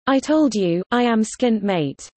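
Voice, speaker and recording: Lively woman reading example sentences. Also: a little high, unhurried, no room sound. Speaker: teacher.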